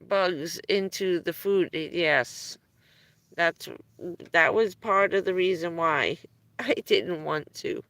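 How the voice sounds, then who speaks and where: A woman's voice: fairly low pitch, pushed and bright, dry recording. A woman chatting casually on a live stream, telling rambling stories and chuckling often between phrases.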